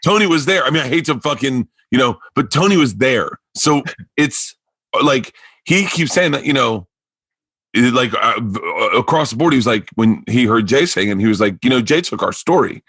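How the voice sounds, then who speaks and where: A man's voice: medium pitch, normal speed, breathy edge, dry recording. A male comedian guest on a podcast, telling a story in casual chat, acting out the other people in it, with lots of restarts. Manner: animated, frequent restarts and acted-out quotes.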